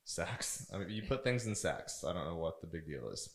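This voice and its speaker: A man's voice: low voice, big pitch swings, normal speed, gravelly, roomy sound. A man co-hosting a podcast, chatting casually and teasing in an easygoing way. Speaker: podcast co-host. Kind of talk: casual chat.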